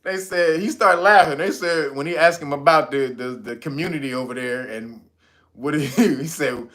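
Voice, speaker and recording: A man's voice: on the high side, moderate pace, fairly bright tone. A man ranting in casual slangy commentary, swearing freely and breaking into laughs. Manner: profane, laughs often, slangy. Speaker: commentary vlogger.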